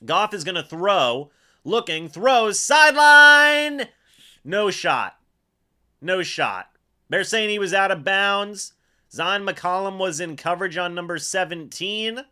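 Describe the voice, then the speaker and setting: A young man hosting a live fan watch-along, giving play-by-play and reacting excitedly, often repeating himself. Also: high voice, unhurried. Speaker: fan livestream host calling a football game.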